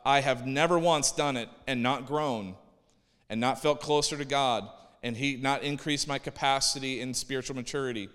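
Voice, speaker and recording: A male pastor preaching a sermon in a relaxed, conversational way, often restarting his phrases. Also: medium pitch, moderate pace, smooth, long reverb tail.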